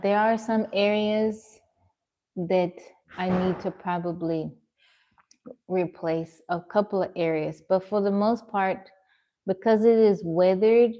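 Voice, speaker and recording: A woman with a low, dark-toned voice livestreams from home. She chats casually, reading and answering viewer comments one at a time.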